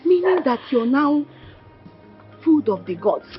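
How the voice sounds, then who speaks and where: A woman's voice: high voice, big pitch swings, unhurried, faint music behind. An actress playing an exclamatory young woman with a Nigerian accent in a Nollywood film. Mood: excited. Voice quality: exclamatory, dramatic. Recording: muffled film audio.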